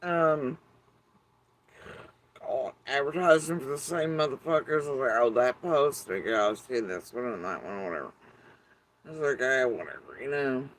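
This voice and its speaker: A man's voice: mid-range voice, animated, moderate pace, fairly bright tone, a little hiss or hum, low-quality recording. A middle-aged man talking to his YouTube audience in a casual, wry and meandering way, swearing freely. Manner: profane, wry, meandering with fillers. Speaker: YouTube commentator. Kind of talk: casual rambling monologue.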